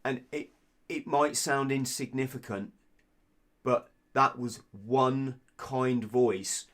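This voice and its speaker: A British man telling his story as a podcast guest, blunt and sweary, with frequent halting restarts. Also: mid-range voice, fairly even intonation, fairly bright tone. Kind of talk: casual candid storytelling.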